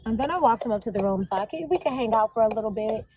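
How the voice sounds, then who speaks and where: A woman's voice: fairly high pitch, lively intonation, rapid-fire, a little mellow, slight background noise, rough recording. A woman vlogging in a casual, confessional way, chatty and gushing as she talks to her viewers.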